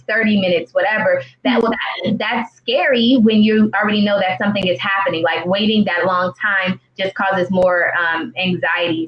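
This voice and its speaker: A woman in her thirties, telling her own story as a guest in a live-stream interview, earnest and heartfelt, with many fillers and restarts. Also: medium pitch. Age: 30s. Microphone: video call. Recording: roomy, dull live-stream audio.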